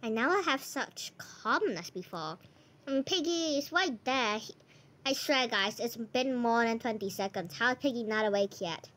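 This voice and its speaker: A woman with a high voice talks through a video game as she plays it, narrating each move. She is jumpy and easily rattled. She trails off and repeats herself. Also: expressive, normal speed, a bit bright. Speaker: gameplay channel host. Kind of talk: casual gameplay commentary.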